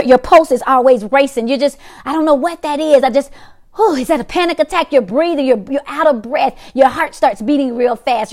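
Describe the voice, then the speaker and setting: A middle-aged woman hosting a weekly talk, teaching in an emphatic, repetitive motivational way and acting out reactions. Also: high-pitched. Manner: emphatic, repeats phrases, acts out reactions.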